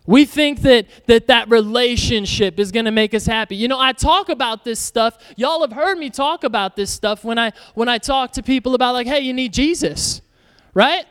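High, smooth-voiced preacher man. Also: moderate pace, few pauses, big-room sound. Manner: energetic, joking, conversational. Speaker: pastor. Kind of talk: sermon. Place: church.

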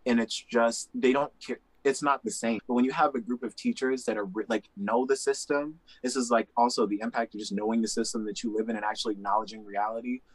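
A young man from Indiana in casual conversation, talking emphatically with quick asides. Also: medium pitch, fairly even intonation, dry recording, poor audio. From Indiana, USA.

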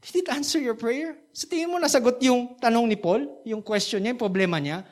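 Woman pastor with a Filipino accent, slightly high voice, conversational sermon full of questions to the congregation. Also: fast, darkish tone.

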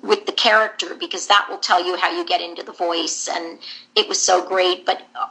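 Bright-toned woman voice actor telling stories. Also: lowish voice, steady tone, normal speed, vocal fry, slight background noise, poor audio. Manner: candid, rambling storyteller. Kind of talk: interview guest recounting career.

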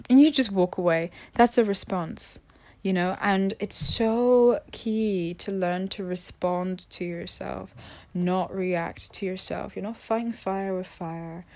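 Woman, mid-pitch, casual self-help talk, chatty with frequent restarts, dips into soft whispers. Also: unhurried. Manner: chatty, restarts often, drops to near-whispers. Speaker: spiritual self-help speaker. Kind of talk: casual reflective monologue.

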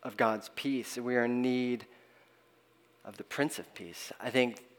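A middle-aged man preaching a sermon at a middle pitch. He talks in an earnest, halting way, restarts his phrases often, and lets the ends of his lines fall away softly. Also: fairly even intonation. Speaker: pastor.

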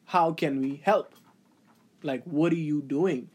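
A man talking in a casual podcast chat, animated and rhetorical, using Caribbean slang. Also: a little high, takes it slowly, slightly rough.

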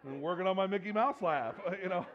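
This pastor delivers an animated sermon, throwing rhetorical questions at the congregation and acting out the voices of people he quotes. He talks fairly quickly in a high-sitting male voice, and the audio is dull.

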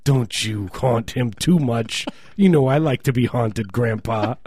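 Husky dark-voiced man riffing jokes. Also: medium pitch, measured pace, no room sound. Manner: jokey, riffing, mock voices. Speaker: podcast co-host. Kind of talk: casual comedic banter.

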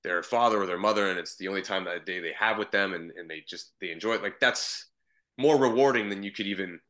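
A man from Canada rambles easily through his answers, circling back and restarting his sentences. His voice sits a little low but rings bright and forward. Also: fast talker. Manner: easygoing, rambling, with frequent restarts. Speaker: guest comedian and voice actor. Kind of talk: casual interview chat.

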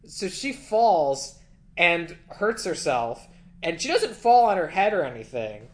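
A woman's voice: on the low side, takes it slowly. A woman co-hosting a podcast, rambling through a movie recap and acting out bits of dialogue. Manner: rambling, animated retelling with quoted dialogue. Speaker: podcast co-host. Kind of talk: casual chat recapping a movie.

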